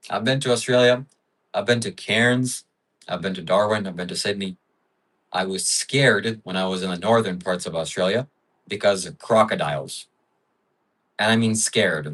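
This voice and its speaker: A man's voice: lowish voice, fairly bright tone, recorded from a distance, low-quality recording. A man hosting a livestream in casual chat, musing and rambling with frequent fillers. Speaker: livestream host.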